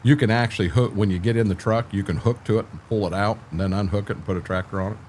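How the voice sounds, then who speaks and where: A man's voice: on the low side, fairly even intonation, racing, darkish tone, slight background noise. An older man hosting a casual game stream, talking in an easygoing, rambling, folksy way.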